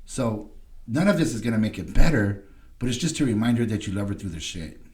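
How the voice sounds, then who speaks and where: A man's voice: lowish voice, lively intonation, brisk, a little mellow, roomy sound, far from the mic. A man in recovery telling a personal story in a casual podcast chat, acting out what people said and often asking "you know what I mean".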